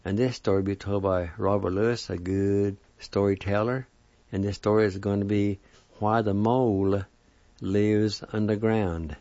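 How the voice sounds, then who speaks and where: A man introducing a storyteller to a gathered audience in a calm, slow way. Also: on the low side, no room sound. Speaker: host. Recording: dry dull lo-fi recording.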